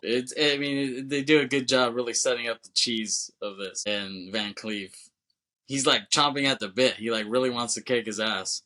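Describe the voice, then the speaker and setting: A man co-hosting a podcast, casually retelling a film scene by scene and dropping into quick quoted lines with laughter. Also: medium pitch, sharp tone. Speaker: podcast co-host. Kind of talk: casual movie recap.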